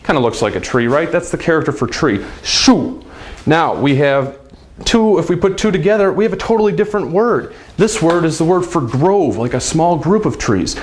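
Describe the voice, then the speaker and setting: A man's voice: on the high side, lively intonation, fairly quick, darkish tone. A man giving a casual, upbeat language lesson, chatty and demonstrating sounds with big swings of his voice. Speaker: language teacher.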